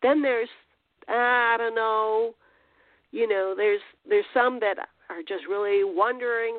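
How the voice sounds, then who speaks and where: A woman's voice: a little high, takes it slowly, dry recording. Woman podcast host, casual faith teaching, rambling, phone-line audio, dry. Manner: conversational, rambling with restarts and fillers. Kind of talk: informal spiritual teaching.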